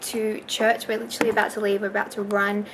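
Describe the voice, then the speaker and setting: A young woman vlogs a makeup tutorial from home, talking quickly in a medium-pitched, level voice and rambling with frequent self-corrections. Background noise is present, and she's captured indoors by a nearby camera on a stand.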